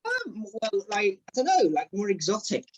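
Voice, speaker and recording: A man's voice: high-pitched, wildly swooping pitch, moderate pace, highs cut off. A young man, a comedian guest, chatting in a rambling, self-deprecating way over a video call. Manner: rambling, self-deprecating, lots of "you know what I mean". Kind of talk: casual interview chat.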